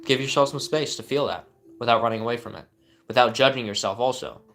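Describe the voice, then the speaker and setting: A man's voice: mid-range voice, fast, a bit bright, soft background music. A young man hosting a live stream, answering viewer questions with earnest coaching advice and frequent fillers and restarts.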